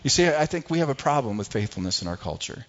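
A man's voice: mid-range voice, very animated, fast, dull audio. A man preaching a sermon as pastor, often restarting phrases and rising into pleading when he quotes prayers.

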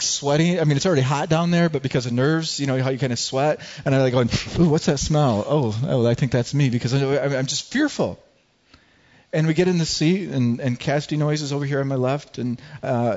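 A male pastor preaching a sermon, animated and telling a personal story with frequent stammered restarts. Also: mid-range voice, highs cut off.

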